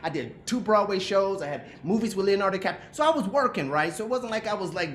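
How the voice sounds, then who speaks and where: Fast, expressive and a bit bright, a middle-aged male actor's high voice comes through a remote video call with roomy sound and a little hiss or hum. He gives reflective interview talk as a guest, earnest and emotional, frequently restarting his sentences.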